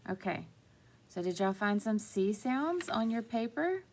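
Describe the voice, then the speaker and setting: A woman teaching young children a phonics lesson, slow and encouraging, stretching out words. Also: mid-range voice, very animated, a little mellow.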